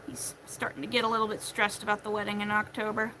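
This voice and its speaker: A young woman chatting casually while she crochets at home, acting out what her family says in animated voices. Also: mid-range voice, fast talker, slight background noise, low-quality recording. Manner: chatty, acts out quotes of family in shifting voices. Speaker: crochet vlogger.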